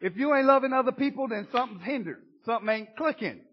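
A pastor preaching with a high, husky voice in a folksy, call-and-response manner. He swings from quiet asides to loud, emphatic bursts. The recording sounds dull and muffled. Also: expressive, fast talker. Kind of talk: sermon.

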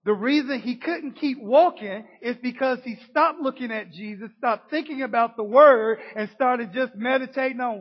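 A male preacher delivers a sermon in emphatic, repeating phrases. He moves from loud declarations to near-hushed passages. His voice is high and husky, and it comes through a dull, lo-fi recording. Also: normal speed, hardly any pauses.

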